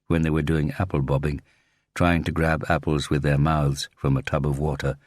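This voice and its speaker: A man with an extremely deep voice reads a thriller audiobook in a steady, measured way. The recording is close and dry, with no sense of a room around him. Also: no echo. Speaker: audiobook narrator. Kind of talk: scripted narration of a thriller audiobook.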